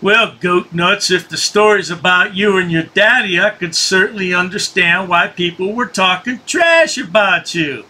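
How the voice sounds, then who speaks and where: A man's voice: high-pitched, measured pace, hardly any pauses, sharp tone, slight background noise. A man hosting a commentary channel, taunting the person in the clips with sarcastic remarks. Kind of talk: mocking commentary over clips.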